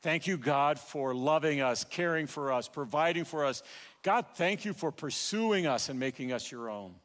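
A man preaching a sermon in a church, swelling with passion and then falling to a hushed, quiet prayer. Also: fairly high pitch, lively intonation, moderate pace, long reverb tail. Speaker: pastor. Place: church sanctuary.

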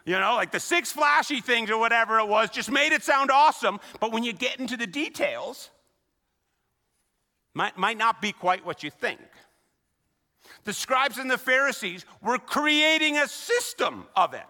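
A man preaching a sermon as a pastor, conversational and animated, acting out the voices of the people he quotes. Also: extremely high pitch, moderate pace. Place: church sanctuary. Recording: long reverb of a large hall.

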